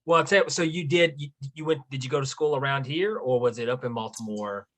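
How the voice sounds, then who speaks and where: Folksy podcast host guy, bright edgy tone, lots of uhs and well-lets-see. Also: medium pitch, quick pace. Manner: folksy, hesitant with fillers. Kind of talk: casual interview chat.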